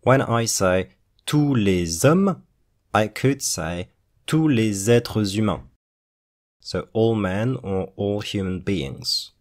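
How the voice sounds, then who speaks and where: A man speaks in a low voice and a slow, unhurried way. He reads sentences aloud, translates them, and explains the grammar step by step, like a patient teacher. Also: expressive. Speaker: French teacher. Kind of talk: slow explanatory language lesson.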